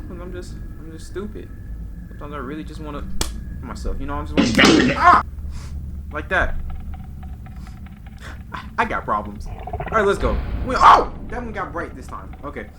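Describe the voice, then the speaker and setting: Male horror-game streamer: loud, easily spooked, trips over words when reading aloud, with a lively swinging pitch. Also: normal speed, pauses often, very noisy. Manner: loud, excitable, yelps and shouts when startled. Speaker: gaming YouTuber. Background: loud game music.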